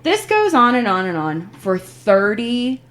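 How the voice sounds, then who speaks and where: A woman's voice: fairly high pitch, a little slow. A woman hosting a podcast in casual chat, telling a story with animation and acting out the people she quotes. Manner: animated storyteller, acts out quoted phone reps. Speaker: podcast host.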